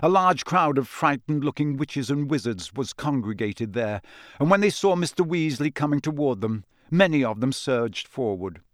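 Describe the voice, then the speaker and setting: Here, an expressive male narrator with a mid-range voice reads a scripted audiobook, taking a measured storytelling approach. The recording is dry with clean studio sound.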